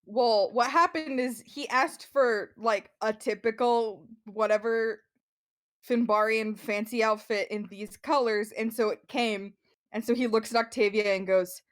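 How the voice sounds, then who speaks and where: Slow hesitant woman player. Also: on the high side, steady tone. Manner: hesitant, many fillers. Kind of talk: tabletop game chat.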